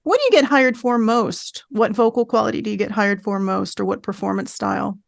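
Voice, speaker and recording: A woman's voice: mid-range voice, brisk, creaky, no room sound. A woman hosting a podcast interview, enthusiastic and affirming as she asks questions. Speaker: podcast host.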